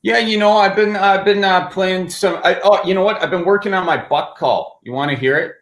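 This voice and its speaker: A man's voice: sits high, brisk, background noise. Joking man on an echoey video call. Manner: jokey, rambling, playful. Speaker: guest. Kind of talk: joking casual chat.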